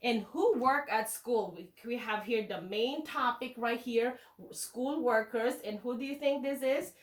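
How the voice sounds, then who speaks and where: A woman teacher reading a picture book aloud to young children in slow, sing-song teacher talk, checking in with them often. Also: a little high, far from the mic. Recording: echoey room, voice away from the mic.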